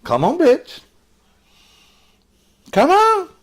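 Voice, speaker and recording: Older male host, profane, combative rant, lively pitch, slow unhurried delivery. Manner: crude, combative, cursing, mocking. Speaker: online show host. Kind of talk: profane live-stream rant.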